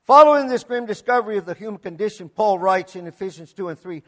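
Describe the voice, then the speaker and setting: High-voiced emphatic preacher, man. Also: animated, fast. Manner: emphatic preaching with big swings between loud and hushed; repeats words for emphasis. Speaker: pastor. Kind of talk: sermon.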